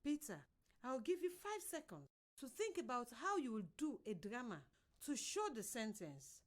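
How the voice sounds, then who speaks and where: A woman teacher from Sierra Leone giving a slow, drawn-out primary reading lesson on radio. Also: a little high, sing-song. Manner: slow, drawn-out classroom instructions.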